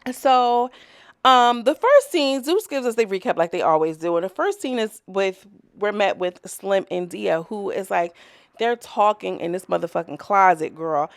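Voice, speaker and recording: A woman reviews a reality show episode in a casual vlog, talking straight to her viewers in a chatty, rambling and profane way. Her medium-pitched voice has lively intonation and a moderate pace, recorded with clean studio sound and no room sound.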